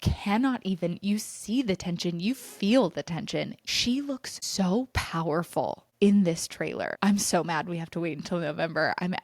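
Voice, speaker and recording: A young woman hosting a pop culture podcast, gushing with breathless, fast enthusiasm about the latest news. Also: lowish voice, a little mellow, dry recording. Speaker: podcast host.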